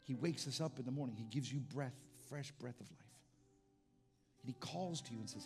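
A man's voice: medium pitch, moderate pace, over music. A middle-aged pastor preaching a sermon in a conversational way, often restarting his sentences.

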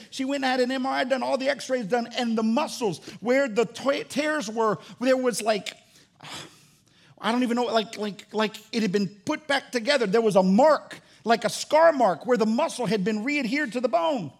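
A man with a high, gravelly voice preaches a sermon with fervor. He swings between loud, ringing calls and quiet, hushed asides. His delivery stays lively and full of conviction. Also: moderate pace. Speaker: pastor.

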